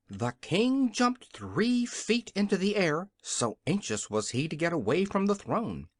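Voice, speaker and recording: An audiobook narrator reading a children's fantasy story in an expressive, scripted style. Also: mid-range voice, a little slow, hardly any pauses, dry recording, clean studio sound.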